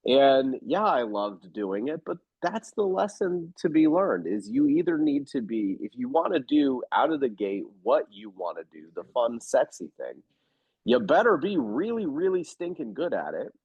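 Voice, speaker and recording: A real estate investor appears as a guest in a casual interview, telling stories in an animated, blunt and emphatic way. His mid-range voice is gravelly and slightly rough at normal speed, in a slightly dull, dry recording with no echo.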